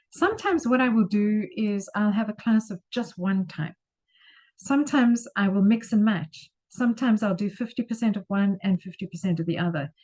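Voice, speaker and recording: A woman English teacher talks through her class materials in an easy, unhurried manner, with plenty of ums along the way. Her voice is dark and mellow, and she speaks slowly. She stretches out words carefully when showing where the stress falls. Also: medium pitch, rough recording. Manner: relaxed, chatty explaining with frequent ums; slows and stresses words to model pronunciation. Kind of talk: screen-share lesson walkthrough.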